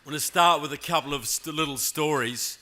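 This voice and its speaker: A New Zealand man in his fifties, speaking with his home accent, delivers a keynote at a political convention and keeps checking in with the crowd. His voice is fairly high and quick, picked up on a handheld or podium mic in a large conference hall with a noisy background.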